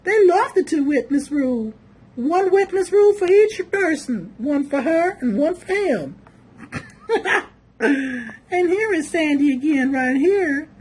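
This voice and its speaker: A woman's voice: high-pitched, lively intonation, takes it slowly, darkish tone. A woman giving casual, sassy commentary on photos, calling viewers "boo" and "honey". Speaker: video commentator.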